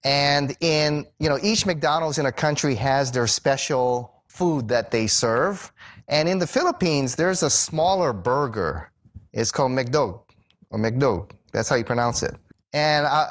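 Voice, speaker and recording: A middle-aged man telling a personal story in a sermon, animated and acting out the voices of the people he quotes. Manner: animated storyteller who acts out quoted voices with big pitch jumps. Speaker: Bible teacher and speaker.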